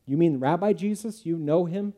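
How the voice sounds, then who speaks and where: A man's voice: a little high, normal speed, voice pushed up, natural voice. A preacher reading an angry, suspicious man. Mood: puzzled. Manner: sharp, agitated outbursts. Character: angry suspicious man confronting a tax collector.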